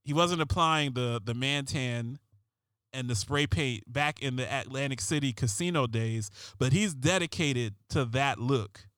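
A man's voice: medium pitch, unhurried, a bit bright, clean tone, no room sound. A man doing a sarcastic, rambling comedic monologue as host, often restarting his sentences.

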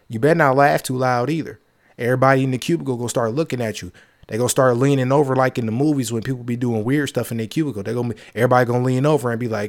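A man's voice: medium pitch, quick pace. A man hosting his own show, talking in a casual monologue, emphatic and repetitive, with joking asides. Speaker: podcast host.

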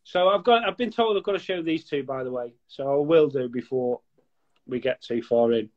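A man's voice: mid-range voice, moderate pace, lo-fi sound. A man from near Liverpool with a Scouse-sounding northern English accent, a blunt, profane guest chatting on a live video call. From northwest England, near Liverpool. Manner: blunt, profane, banter-heavy. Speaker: guest gecko breeder. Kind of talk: casual, sweary live chat. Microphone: webcam on a live video call.

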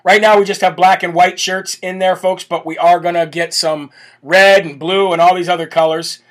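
High-voiced animated male show host. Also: moderate pace. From United States. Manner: animated, laughing, mock accents. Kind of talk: live show monologue.

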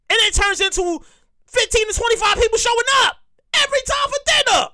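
Woman podcast comic, high bright voice, lively and profane, repeats herself. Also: fast. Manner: profane, animated storytelling with repeated phrases. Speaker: comedian host. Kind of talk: stand-up style podcast monologue.

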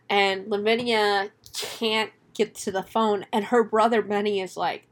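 A woman's voice: mid-range voice, fairly even intonation, moderate pace, few pauses. A young woman co-hosting a casual movie review chat, swearing freely, laughing often and acting out the characters. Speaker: podcast co-host.

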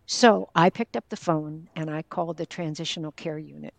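Older woman, earnest and low-voiced. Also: normal speed, vocal fry, no echo. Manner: earnest, candid, tells a personal story and quotes others directly. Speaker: guest, caregiver and former teacher. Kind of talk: conversational storytelling in an interview.

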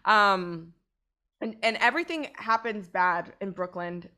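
A woman's voice: medium pitch, animated, unhurried, pushed and bright. A woman co-hosting a podcast, telling a long, rambling story in casual chat and swearing freely. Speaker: podcast co-host.

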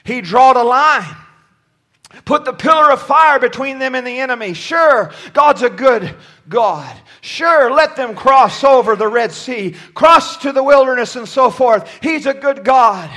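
A man preaching a sermon from a church pulpit, shouting at times and dropping low at others, often stumbling over his words. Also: expressive, measured pace. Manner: impassioned, swings from shouting to near-quiet.

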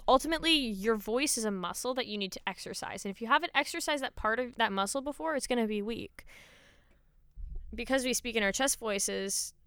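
A woman's voice: fairly high pitch, brisk, a bit bright, clean tone, no room sound, clean studio sound. A woman co-hosting a podcast, explaining vocal technique in a casual chat with many fillers. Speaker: podcast co-host.

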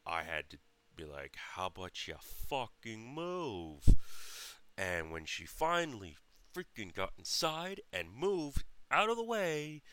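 A man's voice: lowish voice, sharp tone, clear, resonant tone, no echo. A man hosting a podcast, telling a funny story in a casual, blunt and exasperated way. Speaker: podcast host.

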